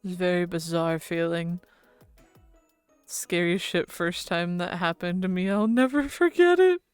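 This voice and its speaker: A woman's voice: fairly low pitch, a little slow, clear, resonant tone, no echo, faint music behind. A woman streaming, chatting casually and giggling with her viewers, swearing now and then. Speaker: VTuber streamer.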